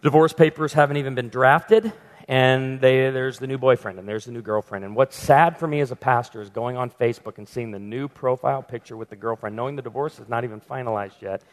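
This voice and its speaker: A man's voice: mid-range voice, fairly quick, in a large hall. A man speaking as a pastor in a conference breakout talk, emphatic and repeating words for stress. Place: conference meeting room.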